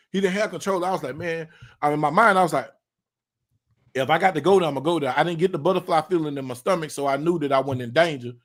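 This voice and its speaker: Podcast host, male, slightly high-pitched, loose and animated storyteller voicing everyone in his story. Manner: animated, acts out quoted dialogue, loose slangy delivery. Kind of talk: casual storytelling chat.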